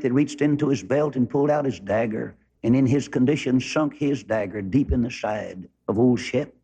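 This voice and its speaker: A male preacher with a drawl spins a homespun story from the pulpit. His voice sits at an ordinary middle pitch and falls low and hushed for the quoted lines. The recording sounds a little dull and lo-fi. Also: breathy edge. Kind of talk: sermon illustration. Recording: muffled lo-fi recording.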